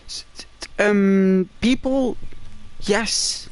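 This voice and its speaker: A man's voice: a little high, slow, pauses often. A man from England livestreaming a game, chatting casually and encouragingly with viewers by name as he reads their comments. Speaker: gaming livestreamer.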